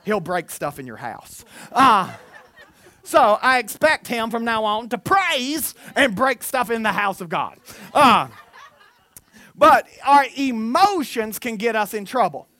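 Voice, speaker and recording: A man, preaching a sermon as pastor, lively and self-mocking. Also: very high voice, slow. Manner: animated, self-mocking, with put-on quotes of listeners. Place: church.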